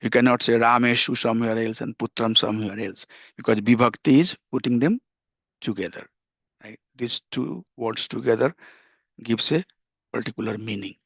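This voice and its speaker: A man's voice: mid-range voice, moderate pace, vocal fry, fairly bright tone, husky, dry recording, highs cut off. A man teaching a scripture class, explaining step by step and checking in with "right?" and "you know".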